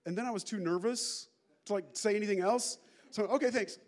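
A male pastor giving a conversational sermon, telling stories with lots of animated asides. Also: high voice, a little fast. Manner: animated storytelling with many asides.

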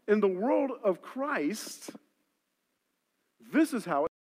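A man preaching from the pulpit, his fairly high voice ringing out in a church hall with a long, trailing reverb. He tells stories from his own ministry, pushing hard on key points and then dropping into quiet, confiding asides. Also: lively intonation, slow pace, pauses often. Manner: storytelling, swings between loud emphasis and quiet asides. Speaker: pastor. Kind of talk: sermon.

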